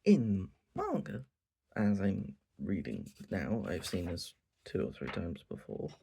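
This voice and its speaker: A man hosting his own channel, giving an animated, profane recap of a manga and acting out quotes as he goes. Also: sits low, slow, vocal fry, a little hiss or hum. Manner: animated, swears a lot, acts out quotes. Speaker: channel host.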